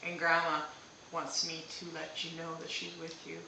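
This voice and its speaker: A psychic medium gives a live-streamed reading, gentle and reassuring, checking in with "okay?" in a very bright, sharp-edged voice that is also deep, monotone and marked by vocal fry. She talks at normal speed, sitting back from a distant mic in an echoey room with faint hiss.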